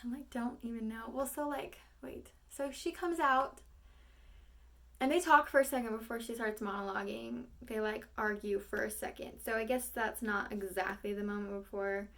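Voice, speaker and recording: A woman's voice: a little high, steady tone, normal speed, fairly bright tone. A young woman, an acting student, thinking aloud between rehearsal takes, rambling and self-critical with lots of fillers.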